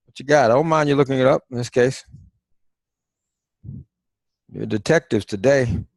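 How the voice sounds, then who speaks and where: A man leads an online class over a video call, quizzing his students and nudging them on in an easygoing, conversational way. His voice sits at an ordinary middle pitch. The sound is dry, with no room echo. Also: normal speed, vocal fry, a little mellow. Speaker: teacher.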